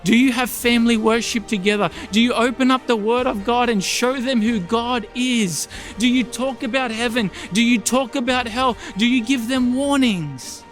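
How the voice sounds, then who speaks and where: A man's voice: extremely high pitch, normal speed, hardly any pauses, soft background music. A man preaching a sermon in church, earnest, repeating his points and asking the congregation pointed questions. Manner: earnest, rhetorical questions, emphatic repetition. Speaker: pastor.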